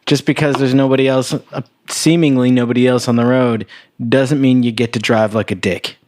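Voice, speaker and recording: A man's voice: mid-range voice, fairly even intonation, normal speed, a little mellow. A man co-hosting a movie podcast, talking casually and bluntly with free swearing. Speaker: podcast co-host.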